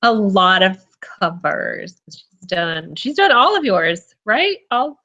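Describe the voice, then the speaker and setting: A chatty woman from North Carolina hosts a casual online interview, laughing easily and rambling between thoughts. Her voice sits in a middle pitch. The stream audio sounds a little dull and muffled. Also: sing-song, slow pace, bright, forceful tone. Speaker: interview host. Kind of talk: casual chat.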